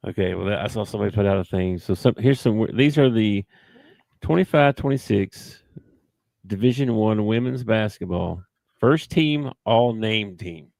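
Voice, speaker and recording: A man's voice: on the low side, moderate pace, vocal fry, darkish tone, no room sound. A man co-hosting a sports podcast, talking in an easygoing, chuckling casual way. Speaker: podcast co-host. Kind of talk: casual chat.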